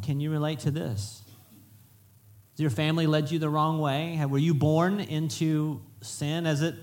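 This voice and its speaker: A man preaching a conversational, animated sermon in a church, often restarting his sentences. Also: on the high side. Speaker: pastor. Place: church sanctuary.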